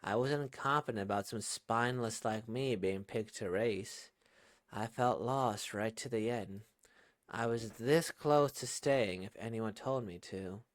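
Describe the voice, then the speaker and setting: A man reading manga aloud in his own soft, quiet voice for a shy young woman racer. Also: fairly low pitch, measured pace, no room sound, lightly acted. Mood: reflective.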